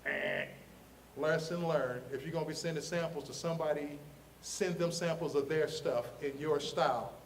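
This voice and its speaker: High, animated storytelling man. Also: moderate pace, far from the mic, slight background noise. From Ohio. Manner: lively, laughing, slangy, acts out voices. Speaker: comic artist telling his story.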